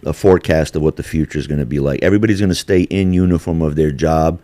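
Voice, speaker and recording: A man's voice: a bass voice, fast talker, warm tone, no echo. A man hosting a casual podcast chat, swearing and joking and slipping into mocking impressions. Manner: profane, jokey, slips into mocking impressions. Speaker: podcast host.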